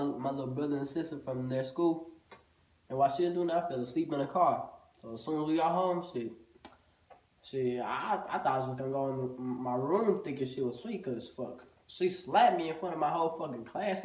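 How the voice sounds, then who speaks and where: A man's voice: on the high side, a little mellow. A man telling a casual storytime, loose and profane, with "bro" in almost every sentence. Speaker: vlogger. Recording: echoey room, voice far from the mic.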